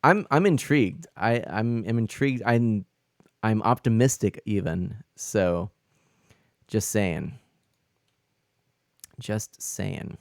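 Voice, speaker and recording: A man's voice: fairly low pitch, expressive, takes it slowly, creaky, pauses often, no echo, studio quality. A man chatting casually on a live stream while he plays, answering his chat as he rambles with lots of fillers and restarts.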